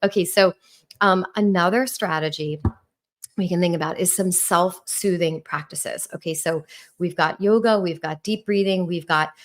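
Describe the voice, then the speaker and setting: A middle-aged woman from New York with a New York accent, a relationship coach on a podcast speaking in a warm, calm tone with rising and falling intonation. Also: lowish voice, normal speed. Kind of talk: podcast talk.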